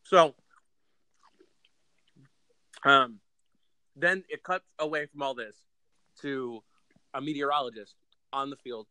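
A man recaps a movie casually on a remote podcast call, speaking slowly in a mid-range voice and pausing often. The audio is poor with no room sound, and he tells the story animatedly while swearing freely.

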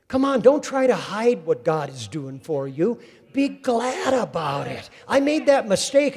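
A male preacher with a notably high voice delivers a fervent sermon, calling out to his congregation. His words ring out with a long reverb trailing behind them in a hall. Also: a little mellow.

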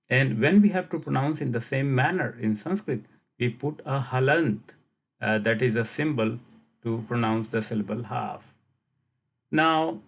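A man teaching a casual language lesson on his podcast. He talks at a mid pitch, going step by step through examples and stopping often to restart a phrase. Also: vocal fry. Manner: explains slowly with frequent fillers and restarts.

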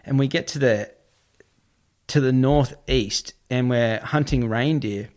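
A young man tells a story as a guest in a relaxed interview. His voice sits at an ordinary middle pitch, and he rambles loosely, with plenty of "like" fillers. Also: slow. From Australia. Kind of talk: casual storytelling.

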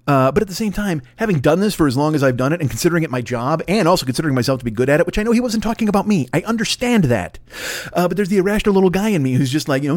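A middle-aged man riffing solo on his podcast, swearing freely and mocking himself as he rambles from one tangent to the next. His voice sits a little high for a man, and the sound is close and dry with no room around it. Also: lively intonation, racing, dry recording. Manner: profane, rambling, self-mocking ranting. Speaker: podcast host.

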